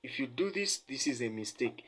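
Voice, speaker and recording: A man's voice: mid-range voice, lively intonation, a little fast, fairly bright tone, slightly rough. A male tutor explaining a geography calculation, repeating key points for emphasis and quizzing listeners as he sketches. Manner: repetitive, quizzing listeners with "the what?" and "have you seen?". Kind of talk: math lesson at a whiteboard.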